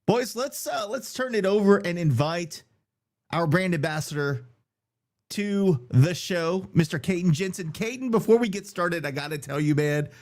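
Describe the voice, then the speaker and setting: A man's voice: sits high, animated, moderate pace, darkish tone. A man from Louisiana with a Cajun accent, hosting a sports podcast in a loose, chatty way with jokey asides. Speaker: podcast host. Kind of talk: casual sports talk.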